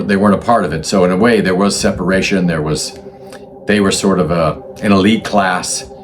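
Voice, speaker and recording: A man's voice: on the low side, a little hiss or hum. A man hosting a history talk, explaining in a loose, unscripted way with frequent restarts and self-corrections. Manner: conversational, thinks aloud with restarts and self-corrections. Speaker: channel host explaining religious history.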